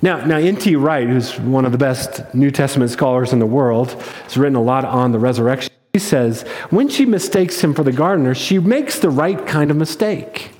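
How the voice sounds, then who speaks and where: A man's voice: mid-range voice, moderate pace, hardly any pauses, in a large hall. A man preaching a sermon in an emphatic storytelling manner. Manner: storytelling, emphatic, rises to excitement.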